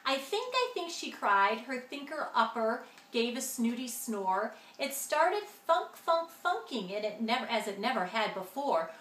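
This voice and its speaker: A woman's voice: a little high, animated, a little slow, few pauses, fairly bright tone. A woman reading a rhyming picture book aloud in a sing-song delivery. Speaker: storyteller. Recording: echoey room with faint ambience.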